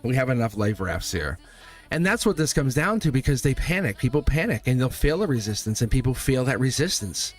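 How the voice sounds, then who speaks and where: A man hosting a live tarot stream, talking straight to his viewers in an animated way and laughing often. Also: mid-range voice, a little fast, soft background music.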